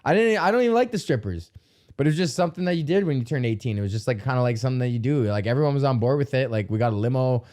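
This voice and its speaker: A man's voice: mid-range voice, lively intonation, racing, a little mellow. A young man from Alberta, Canada, hosting a podcast, telling stories in a profane, rambling comedic rant with yelps acting out pain. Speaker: podcast host.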